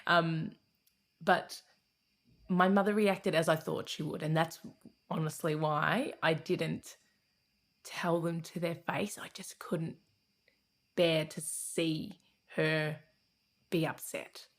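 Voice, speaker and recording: A woman's voice: deep voice, steady tone, slow pace, pauses often. Laughing Australian woman telling stories. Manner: candid storytelling, frequent laughter and restarts. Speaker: guest, comedian and radio host. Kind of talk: casual interview chat.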